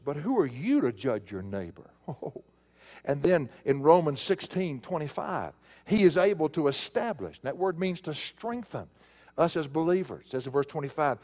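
A man's voice: fairly high pitch, darkish tone. A man preaching a sermon as pastor, leaning hard on key words and stretching them out for emphasis.

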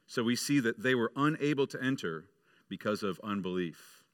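A man's voice: mid-range voice, lively intonation, moderate pace, no room sound, clean studio sound. A male pastor preaching a sermon, telling a story and acting out its voices.

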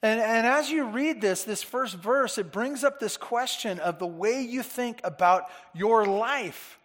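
High-voiced preacher in a reverberant hall. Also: male voice, a little slow, a bit bright. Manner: earnest, repeats phrases for emphasis. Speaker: pastor. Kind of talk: sermon. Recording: long reverb of a large hall.

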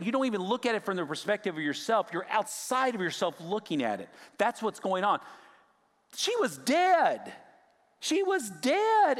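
Man, pastor, sermon, slightly high voice, loud-to-hushed swings, long hall reverb. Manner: dramatic swings from loud to hushed near-whispers.

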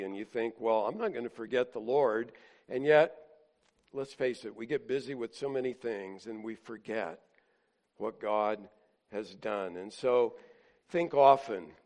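A man preaching a sermon as a pastor, earnest and conversational, pausing on fillers. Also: mid-range voice, a little mellow.

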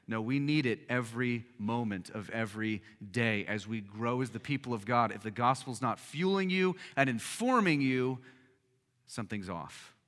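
A man's voice: medium pitch, normal speed, fairly bright tone. A man pastor preaching a sermon, emphatic and conversational with frequent fillers. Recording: reverberant hall.

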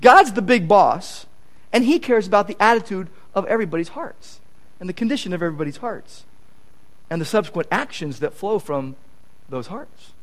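A man's voice: high voice, moderate pace. A male pastor preaching a sermon, repeating key points for emphasis and acting out quoted conversations. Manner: animated, acts out quoted conversations; emphatic repetition.

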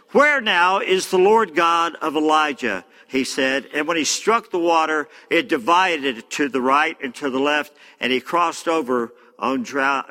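Male preacher, sermon, bright forceful voice, fairly high, long hall echo. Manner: reading scripture with many fillers and asides.

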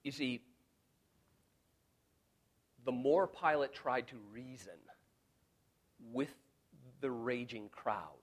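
A man's voice: mid-range voice, slow, long pauses. A man preaching an expository sermon in an earnest, emphatic way, often repeating words as he restarts. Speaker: pastor.

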